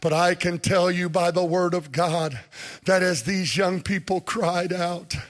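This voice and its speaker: A male preacher delivering an impassioned sermon in a church sanctuary, building to repeated shouted appeals to the congregation. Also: high voice, fairly even intonation, a little slow.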